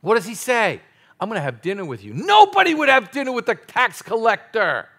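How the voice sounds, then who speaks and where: A male pastor preaching a sermon, playful and animated, with sudden loud exclamations. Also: high voice, brisk.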